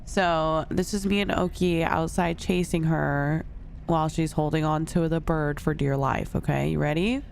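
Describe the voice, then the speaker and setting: A woman's voice: low voice, steady tone, moderate pace, vocal fry, darkish tone, slight background noise. A young woman chatting casually to her viewers, telling a story with lots of laughter between lines. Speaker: streamer.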